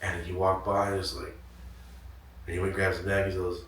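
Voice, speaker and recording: A man's voice: deep voice, little pitch movement, fast talker, fairly bright tone, distant mic, a little hiss or hum. A man from Northern California, a guest telling a story in casual, profane talk and acting out what people said. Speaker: interview guest. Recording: roomy echo, somewhat off mic.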